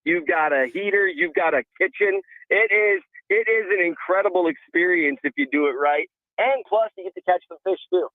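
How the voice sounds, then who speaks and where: A man's voice: high voice, moderate pace, no room sound. A man calling in as a guest analyst, talking easily and laughing in a casual interview. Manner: easygoing, laughs, chatty. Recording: thin phone line.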